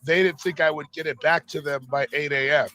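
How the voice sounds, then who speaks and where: A man's voice: fairly high pitch, fairly even intonation, brisk, bright, forceful tone, rough recording. A young man casually telling a heated, profane story in rambling slang, full of "like".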